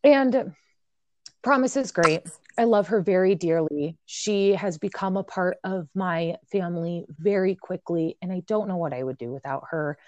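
A woman's voice: on the low side, moderate pace, no room sound. Blunt playful woman podcast host, dry sound. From Midwest of the US. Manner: blunt, playful, self-mocking. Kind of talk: casual chat.

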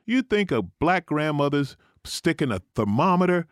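A man's voice: fairly high pitch, normal speed, clean tone, no echo, clean studio sound. A man co-hosting a talk show, riffing with teasing, comic opinions and exaggerated storytelling. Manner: animated, teasing, comic storyteller who riffs and mocks. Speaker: radio show co-host.

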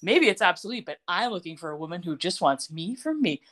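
A man's voice: sits high, very animated, a little fast, a bit bright, voice pushed down. A woman voicing a sulky, self-pitying young man on a date, whiny and aggrieved, as she reads his lines during a casual recap.

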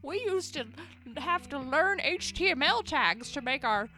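A woman's voice: high-pitched, animated, measured pace, pushed and bright, faint music behind. A woman, co-hosting a podcast in casual chat, laughing often and swearing casually. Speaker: podcast co-host.

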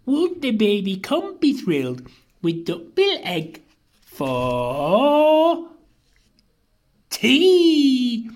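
Little thieving lady dino, smug and squeaky-high, played by a man, storybook. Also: huge pitch swings, extremely slow, pauses often, heavily acted. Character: small sneaky female Compsognathus, pleased with herself.

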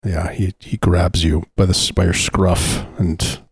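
A man joking in a dry, deadpan way during a casual chat. His voice sits very low and sounds husky, and the recording is close and dry. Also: a little slow, no room sound. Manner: deadpan, adds dry jokes.

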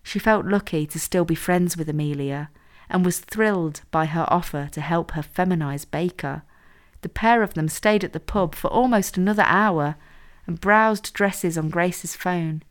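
A woman calmly narrating an erotic story. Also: on the low side, moderate pace. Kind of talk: read-aloud erotic story.

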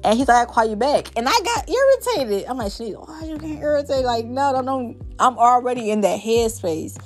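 A woman's voice: a little high, big pitch swings, moderate pace, faint music behind. A young woman talking candidly and at length in a personal podcast monologue, rambling with many fillers.

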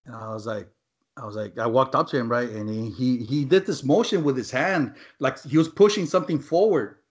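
A man's voice: medium pitch, a little fast, husky. Profane, rambling man telling a story. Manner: rambling, profane, many fillers like "man" and "right?". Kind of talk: casual storytelling among friends. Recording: dull lo-fi recording.

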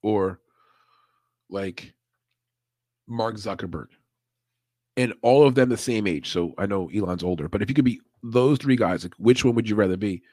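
Casual male podcast host, a bit low-pitched, swears freely, laughs a lot, dry close sound. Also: normal speed, pauses often, a little mellow, dry recording. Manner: loose, profane, laughs often. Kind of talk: casual livestream chat.

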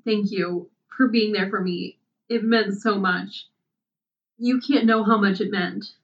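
Heartbroken young woman read by a woman, strained but firm, slow delivery, distant dull recording. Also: medium pitch, steady tone, slight background noise. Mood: resolute.

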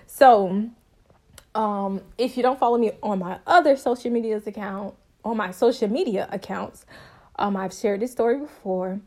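A young woman hosting her own podcast, telling her story in a bubbly, talkative, casual way. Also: moderate pace. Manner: bubbly, talkative, expressive with sudden high pitch jumps. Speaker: podcast host.

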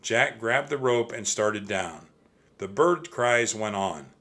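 A man narrating a children's storybook in an expressive, steady reading style. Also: fairly low pitch, slow. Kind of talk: audiobook storytelling.

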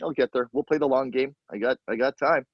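A man hosting a podcast in casual chat, telling stories with excitable energy. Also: medium pitch, fairly quick, dry recording. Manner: animated storyteller, excitable. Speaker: podcast host. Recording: dull, lo-fi dry sound.

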